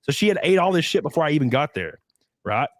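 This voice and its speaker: A man hosting a casual streamed podcast, rambling through crude stories with a lively, swooping delivery. His voice sits a touch high for a man and sounds dry and close, with little room around it. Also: fast, no room sound. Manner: crude, rambling, animated storytelling. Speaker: podcast host.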